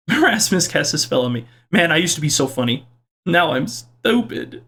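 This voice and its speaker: A man's voice: sing-song, sharp tone. A young man casually reading out and joking about viewer comments in his video, with a playful, self-mocking manner. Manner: playful, self-mocking, quick swings in pitch. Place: home kitchen.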